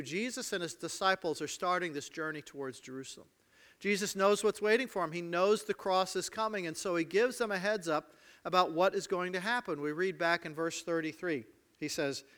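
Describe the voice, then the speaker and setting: A man preaching a sermon, retelling a story with dramatic swings between loud outbursts and hushed asides. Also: high voice. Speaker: pastor.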